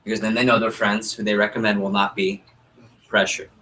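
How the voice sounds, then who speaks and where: A young man running a sales training workshop, coaching a group and acting out customer dialogue in an energetic way. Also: fairly low pitch, brisk, a little hiss or hum, poor audio. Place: meeting room with group.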